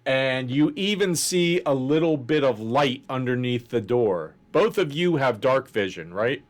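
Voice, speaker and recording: A man narrating as game master of a tabletop game in a deliberate, descriptive way. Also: medium pitch, lively intonation.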